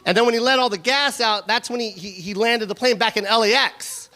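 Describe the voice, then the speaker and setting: A male stand-up comedian performing a loud, animated, profane routine on stage. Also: high voice, brisk. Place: comedy venue stage before a live audience. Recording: live stage recording with crowd laughter and noise.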